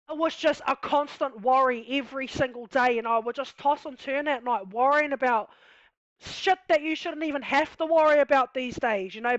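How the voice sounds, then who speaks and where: A woman with a New Zealand accent tells her own story in a high, candid voice, leaning on "you know" and "like". The sound is dry and close, a little dull and lo-fi. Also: no room sound. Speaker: vlogger telling her life story. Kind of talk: casual personal storytelling.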